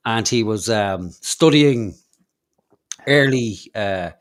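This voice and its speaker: Irish male podcast host, low voice, rambling and sweary. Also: expressive, takes it slowly. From Ireland. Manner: rambling, swears freely, many ums. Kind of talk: casual chat.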